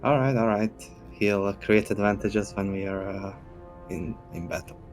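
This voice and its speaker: Hesitant low-voiced male player. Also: steady tone, moderate pace, faint music behind, rough recording. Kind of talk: casual tabletop game talk.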